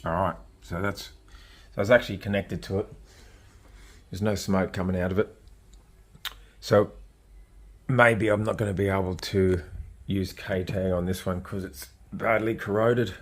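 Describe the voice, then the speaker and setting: A man's voice: deep voice, fairly even intonation, unhurried, pauses often, no room sound. A man with an Australian accent talking casually while he tunes a car, blunt and rambling, swearing freely. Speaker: car tuner vlogger. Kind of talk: casual vlog talk while working on a car.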